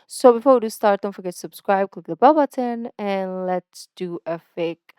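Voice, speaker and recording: A young woman hosts a reaction video in a chatty, self-conscious way, with frequent giggles. Her voice is smooth and clear, and the recording is dry and close. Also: medium pitch, moderate pace, darkish tone, dry recording. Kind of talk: casual reaction commentary.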